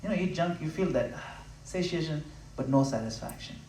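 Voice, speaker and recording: A man giving a devotional talk at a home gathering, impassioned and conversational, swinging from loud emphatic peaks to low, intimate asides. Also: slight background noise. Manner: conversational, acts out quick voices of listeners. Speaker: spiritual speaker. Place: room in a home. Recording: roomy, from a distance.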